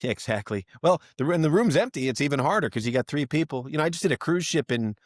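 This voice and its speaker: On a podcast, a comedian guest with a fairly high voice spins a lengthy story quickly and animatedly, performing each character's voice himself. The sound is dry and clean, straight from a studio.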